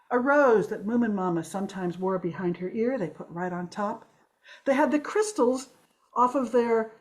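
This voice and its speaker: A woman in her sixties telling a story to a live audience, playful and animated, swooping her voice up and down for effect. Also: on the high side. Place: storytelling gathering.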